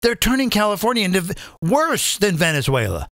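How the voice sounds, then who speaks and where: Male comedy host, high and bright, big pitch swings, dry close sound, profane rant. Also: brisk, no echo. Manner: animated, profane, addresses viewers as folks. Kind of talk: live comedic political rant.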